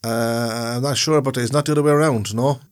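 A man's voice: medium pitch, fairly even intonation, brisk. An Irish man co-hosting a podcast, explaining things in a rambling way and repeating himself. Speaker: podcast co-host. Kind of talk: casual chat.

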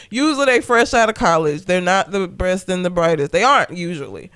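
Blunt, smooth-voiced woman recapping a movie. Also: lowish voice, brisk, few pauses, a bit bright. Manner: blunt, profane, joking. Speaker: podcast co-host. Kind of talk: casual movie recap chat.

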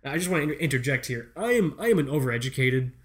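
Profane, rambling American podcast host. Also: male voice, medium pitch, very fast. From United States. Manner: profane, rambling, self-mocking, animated. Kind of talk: comedic storytelling.

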